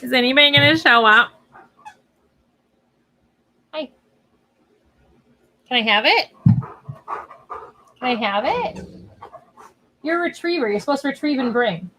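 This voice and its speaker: A woman's voice: high voice, lively intonation, measured pace, long pauses, sharp tone, a little hiss or hum, low-quality recording. Chatty woman on a home livestream. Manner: chatty, talks to her dog between waiting for viewers. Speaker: author hosting a livestream. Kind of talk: casual livestream chat.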